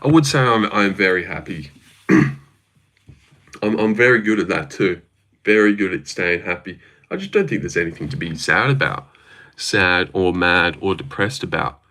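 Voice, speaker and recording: A man's voice: sits low, animated, moderate pace, pushed and bright. A young Australian man casually chatting on a livestream, answering chat questions with a laid-back, jokey manner. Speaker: streamer reading chat.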